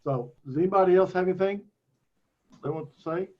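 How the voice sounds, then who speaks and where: A man's voice: high voice, brisk. Laid-back Texan man on a call. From Texas. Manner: easygoing, laughs often. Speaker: moderator. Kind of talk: casual video call chat. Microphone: video call. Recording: muffled lo-fi video call audio.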